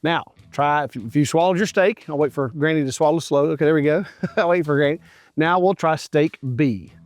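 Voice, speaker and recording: Standing at an outdoor grill, a middle-aged barbecue show host tastes his food and talks eagerly and directly to viewers, keeping the cooking commentary casual. He speaks a little fast, his voice on the high side, with no echo.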